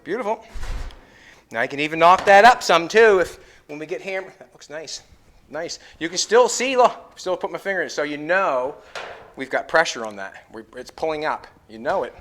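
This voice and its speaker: In a car workshop, a Canadian metal fabricator hosts a car-building show, chatting and explaining each step of his metalwork as he goes. His voice is on the high side, animated, and a bit bright, at normal speed, with a little hiss or hum in the recording.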